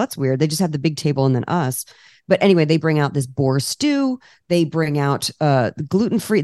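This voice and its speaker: Low-voiced woman telling lively stories. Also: no echo, clean studio sound. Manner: lively storyteller, laughs often, acts out dialogue. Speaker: podcast guest, cookbook author. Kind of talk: casual interview chat.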